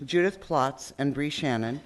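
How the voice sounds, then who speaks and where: A man's voice: medium pitch, unhurried. A man opening his remarks at an awards banquet by thanking the committee. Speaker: award presenter. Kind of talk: banquet speech. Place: banquet hall.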